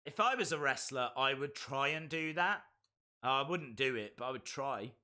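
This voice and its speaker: A man giving excitable live play-by-play reactions to a wrestling match, bursting into shouts at big moments. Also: medium pitch, moderate pace. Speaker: wrestling stream host.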